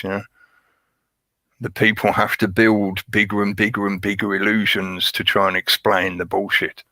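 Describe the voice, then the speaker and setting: Hosting a livestream, a man rambles through a conspiratorial monologue, greets his chat, and chuckles at his own jokes. His lowish voice sounds pushed and bright, with no room sound.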